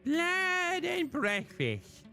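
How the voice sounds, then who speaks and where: Man doing a lisping, grinning game innkeeper, sly and slow, pitch swinging high. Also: wildly swooping pitch, fairly bright tone, soft background music, heavily acted. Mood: creepy cheerful. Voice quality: lisp. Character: creepy smiling male butcher innkeeper with a lisp.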